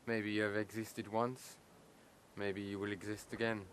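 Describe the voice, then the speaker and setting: A man's voice: lowish voice, flat delivery, normal speed, a little hiss or hum, natural voice. A man playing a cryptic, aloof wanderer. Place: outdoors in a city street.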